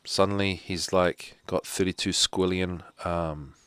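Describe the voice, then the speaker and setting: A man's voice: deep voice, steady tone, unhurried, a bit bright, clear, resonant tone, no echo, clean studio sound. A man hosting a live show from home, rambling casually with joking asides. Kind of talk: casual rambling livestream talk.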